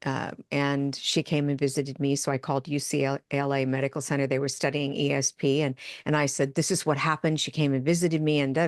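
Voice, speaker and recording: Older woman guest, low pitch, dry close sound, animated storyteller who acts out dialogue. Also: dry recording. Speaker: medium and addiction counselor. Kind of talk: podcast interview storytelling.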